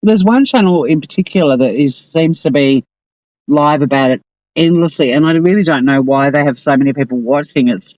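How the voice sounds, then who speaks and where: An Australian woman hosts a casual live stream, wandering from story to story in an offhand, rambling way. Her exasperation shows in quick asides. The sound is dry and close, and a bit dull and muffled. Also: deep voice, darkish tone, no echo.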